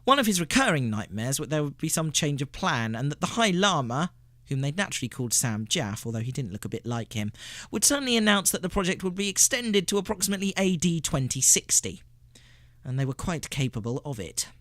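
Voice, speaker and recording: A man hosting a radio show, reading a story aloud with expressive narration. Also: on the high side, a little fast, dry recording. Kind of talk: scripted narration.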